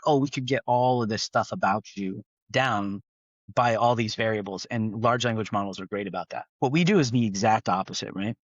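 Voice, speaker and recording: A man's voice: medium pitch, dry recording. Chatty man with restarts, dry dull sound. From East Bay, California. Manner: rambling, frequent restarts and "right?" tags. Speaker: tech founder guest. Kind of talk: casual podcast conversation.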